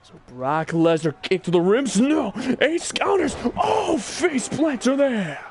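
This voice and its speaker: A man doing excitable play-by-play commentary on a wrestling video game, often breaking into shouted exclamations. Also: very high-pitched, slow pace, husky. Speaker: gaming channel host.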